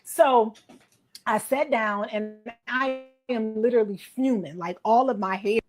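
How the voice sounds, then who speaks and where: A woman's voice: a little high, a little slow, soft background music. A woman in a social media clip telling, indignantly, how she felt disrespected. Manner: indignant, aggrieved. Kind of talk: casual storytelling.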